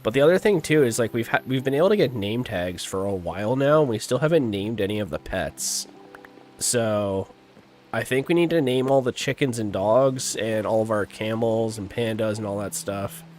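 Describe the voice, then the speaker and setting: A man's voice: fairly low pitch, normal speed, slight background noise. A young man with a stuffy nose, chatting casually as a gaming livestream host. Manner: relaxed and rambling, chuckles often.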